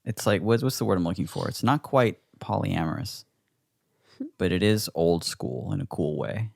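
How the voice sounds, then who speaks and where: A man's voice: sits low, normal speed, vocal fry, a little mellow, no room sound, studio quality. A man co-hosting a podcast, chatting casually and riffing jokingly on absurd ideas. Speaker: podcast co-host. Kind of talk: casual comedic chat.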